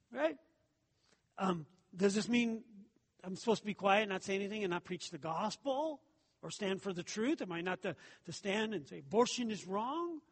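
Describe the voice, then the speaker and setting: A man's voice: high-pitched, husky, in a large hall. A man preaching a sermon as pastor, talking it through with the congregation and asking rhetorical questions.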